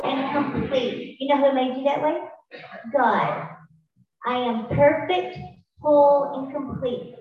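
A middle-aged woman with a high voice gives a chatty, emphatic motivational talk to a crowd. Her voice comes from a distance and rings around a very echoey room. The sound is dull and muffled. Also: slight background noise. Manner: warm, chatty and emphatic, with affirmations. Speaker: speaker sharing her story. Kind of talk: motivational testimony to a live audience.

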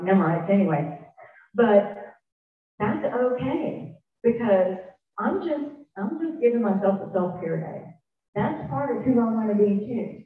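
A woman talks frankly to a group about twelve-step recovery, wandering and self-mocking with frequent restarts. She sits far from the mic in a very echoey room. The sound is thin and phone-like. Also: medium pitch. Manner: candid, self-deprecating, rambling with restarts. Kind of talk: informal talk to a group.

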